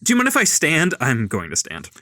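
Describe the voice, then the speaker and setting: A man reading the lines of a smooth rich young man who calmly talks an armed robber down. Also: mid-range voice, a little fast, no echo, studio quality, heavily acted. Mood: persuasive.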